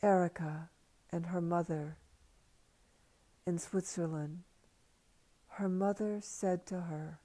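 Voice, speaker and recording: An older woman giving a slow, reflective livestream talk as a spiritual teacher, speaking softly and slipping into whispers. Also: fairly low pitch, steady tone. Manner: soft and hushed, slipping into whispers. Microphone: livestream computer mic.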